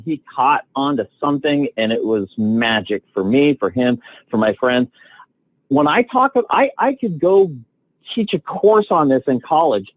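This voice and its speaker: A man coaching salespeople on a training call, telling stories with excitement and lively swings in his voice. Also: mid-range voice, no echo, poor audio. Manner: enthusiastic, animated storytelling with big swings.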